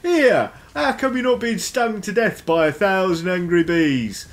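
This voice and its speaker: A man's voice: high voice, animated, measured pace, voice pushed up. A man doing squawking grumpy talking mushrooms. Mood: exasperated. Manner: squawky, loud and exasperated.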